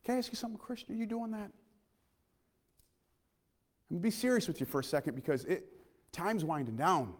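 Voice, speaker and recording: Impassioned high-voiced male preacher. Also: big pitch swings, fairly quick, pauses often, in a large hall. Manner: impassioned, swings from loud to hushed, asks the congregation questions. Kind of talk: sermon.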